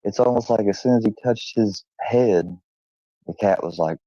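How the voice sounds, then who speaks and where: A man streaming from home, telling an animated story casually and swearing freely, and cooing at his dog. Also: moderate pace, no echo, lo-fi sound. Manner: animated, swearing, high-pitched when imitating animals; coos at his dog in a high sing-song.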